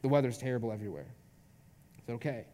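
A man's voice: on the high side, fast talker. A young man, a youth pastor, telling a personal story in a casual, chatty sermon full of fillers. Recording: long hall reverb.

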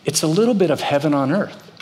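A middle-aged pastor delivers a sermon at a quick pace, his fairly high, darkish voice full of lively intonation as he tells stories and imitates the people in them. The recording comes from a reverberant church hall with a little hiss or hum.

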